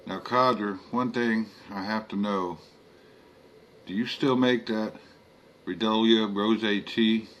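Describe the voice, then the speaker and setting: A man voicing a short, warm Haitian Creole woman with a Haitian accent, in a spoken horror story. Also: fairly low pitch, steady tone, slow pace, a little hiss or hum. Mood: teasing. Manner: teasing, affectionate, calls him Boo.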